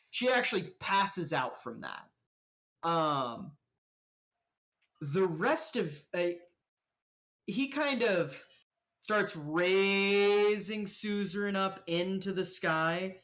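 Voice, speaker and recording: A woman game master narrates a live-streamed tabletop game in a loose, profane, rambling way. She speaks slowly in a lowish voice, and the stream audio sounds dull and lo-fi. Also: a bit bright. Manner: casual, profane, rambling with fillers.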